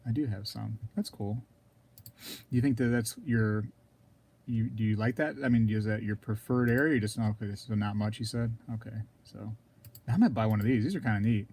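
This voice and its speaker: A man hosting a casual live stream, rambling to viewers in chat and clearing his throat often. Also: lowish voice, normal speed, a little mellow, a little hiss or hum. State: throat scratchy, keeps coughing.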